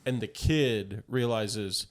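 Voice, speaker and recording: A man co-hosting a podcast, retelling film scenes in a lively, casual chat. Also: on the low side, slow pace. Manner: animated retelling of movie scenes. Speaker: podcast co-host.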